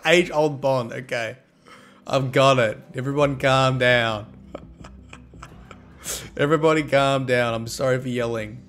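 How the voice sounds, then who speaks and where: A man's voice: medium pitch, slow pace, long pauses, fairly bright tone. A man streaming a game and chatting casually with his viewers, cheeky and joking as he thanks them and teases the chat.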